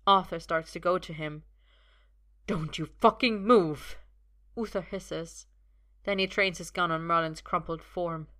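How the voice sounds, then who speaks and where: A woman narrates a dramatic story in a steady, measured voice. Her tone is bright and crisp, pitched somewhat low. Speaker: audiobook narrator. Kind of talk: dramatic fan-fiction reading.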